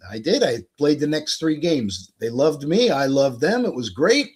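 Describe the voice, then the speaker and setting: An American man in his sixties, a guest telling a career story in a casual, animated way and acting out the dialogue. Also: a little high, normal speed, hardly any pauses, husky. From United States. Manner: animated, acts out quoted dialogue.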